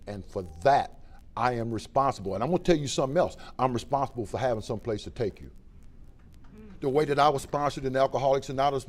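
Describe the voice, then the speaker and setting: Folksy man telling his story. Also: mid-range voice. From Ohio. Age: middle-aged. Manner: folksy, plain-spoken storyteller with swings from loud to quiet. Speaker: recovery speaker. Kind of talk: personal testimony talk.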